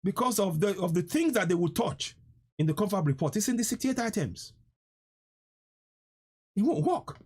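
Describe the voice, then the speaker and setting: A man's voice: high-pitched, expressive, normal speed, long pauses, a little mellow, husky. A man hosting a live stream, delivering a fiery, emphatic political rant and repeating lines for effect.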